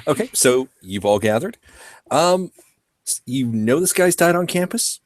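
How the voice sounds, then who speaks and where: A man running a tabletop game as game master, relaxed as he explains the rules plainly. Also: mid-range voice, measured pace. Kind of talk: running a tabletop game over an online call.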